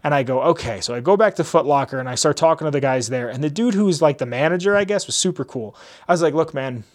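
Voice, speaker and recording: A man's voice: fairly high pitch, quick pace. A young man hosting a podcast, telling a long casual story in a rambling way, full of "like" and acted-out dialogue. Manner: rambling, animated retelling with lots of "like" and quoted dialogue. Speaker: podcast host.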